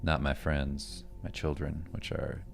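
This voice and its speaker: A man's voice: very deep voice, flat delivery, a little slow, creaky, soft background music. A man in his thirties casually chatting on a livestream, telling stories with laughs. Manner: laughing storyteller. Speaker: streamer.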